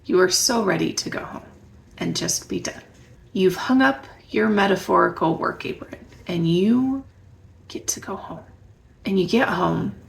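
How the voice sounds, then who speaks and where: A woman with a strongly gravelly, creaky voice gives parenting advice straight to her viewers. She talks in a conversational way, often stopping to ask them reflective questions. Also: medium pitch, measured pace. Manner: warm, conversational, asks the listener reflective questions. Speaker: parenting educator. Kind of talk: direct-to-camera advice talk.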